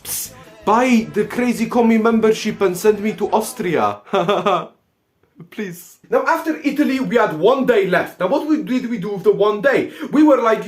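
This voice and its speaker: A young man narrating a casual travel vlog, excitable and swearing, calling his audience comrades again and again. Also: high-pitched, normal speed. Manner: excitable, swears, says "comrades" in nearly every line. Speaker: vlogger host. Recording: roomy echo, faint music behind.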